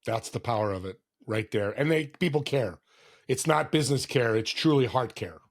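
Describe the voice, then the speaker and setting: Speaking at a moderate pace in an animated, mid-range voice, this podcast guest in his sixties shares heartfelt stories in a casual interview. He is warm and earnest, now and then voicing the people he quotes.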